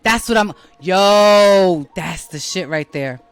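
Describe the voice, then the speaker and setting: Blunt, bright-voiced New York woman host. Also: deep voice, animated, moderate pace, no room sound, soft background music. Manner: blunt, profane, rambling. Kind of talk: casual monologue.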